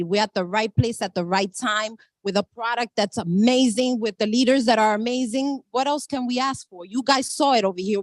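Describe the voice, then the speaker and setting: A woman in network marketing giving an enthusiastic, rallying motivational pitch to her team. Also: dry recording.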